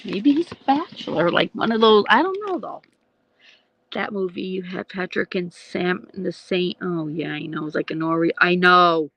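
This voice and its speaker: A woman's voice: fairly low pitch, moderate pace, vocal fry, fairly bright tone, dry recording. A woman in her forties, hosting a casual live stream chat with viewers, rambling and laughing often. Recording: dull lo-fi dry sound.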